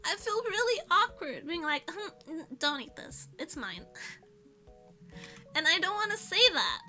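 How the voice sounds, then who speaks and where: A woman's voice: extremely high pitch, big pitch swings, a little slow, bright, forceful tone, soft background music. A young woman streamer chatting casually, rambling and self-mocking with frequent laughs. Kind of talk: casual chat.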